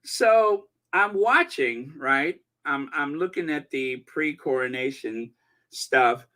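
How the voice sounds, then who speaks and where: A man hosting a live-stream commentary, reading viewer comments aloud in an animated, gossipy way. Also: a little high, takes it slowly. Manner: animated and gossipy, breaking into laughter. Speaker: channel host.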